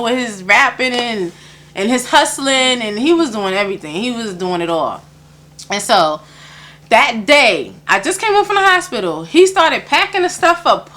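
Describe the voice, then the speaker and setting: In an interview, a woman shares personal stories in a voice on the high side, pushed and bright. She laughs often and acts out the voices of the people she quotes.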